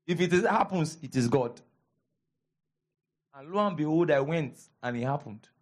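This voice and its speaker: A man with a Nigerian accent preaching a sermon as pastor, animated, repeating his lines for emphasis and calling out to the congregation. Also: fairly high pitch, moderate pace.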